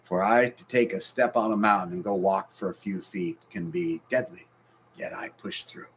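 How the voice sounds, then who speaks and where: A man in his forties preaching a heartfelt sermon, swinging between loud bursts and hushed, near-whispered lines. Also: low voice, moderate pace, a little hiss or hum. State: sleepless and stressed. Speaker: pastor.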